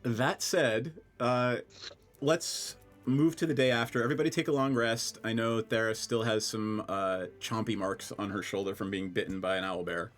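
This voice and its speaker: A man from Scranton, Pennsylvania, narrating as game master of a tabletop game, playful and halting with many fillers. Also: lowish voice, fairly even intonation, soft background music.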